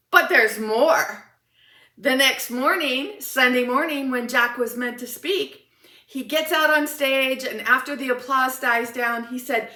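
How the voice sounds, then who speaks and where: A woman motivational speaker telling a personal story in an animated, enthusiastic way. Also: high-pitched, takes it slowly, roomy sound, recorded from a distance.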